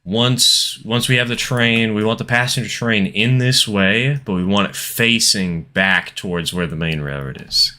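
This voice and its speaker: A man's voice: lowish voice, unhurried, hardly any pauses, sharp tone. A man chatting casually as he streams a train game, rambling through asides and laughing often. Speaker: gaming streamer. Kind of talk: casual gameplay commentary.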